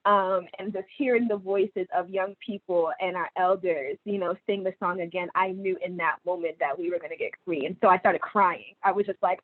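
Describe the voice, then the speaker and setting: A woman's voice: mid-range voice, normal speed. A young woman, a youth climate organizer, speaking casually and animatedly on a video call from her phone. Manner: animated, informal, lots of fillers. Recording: tinny phone line.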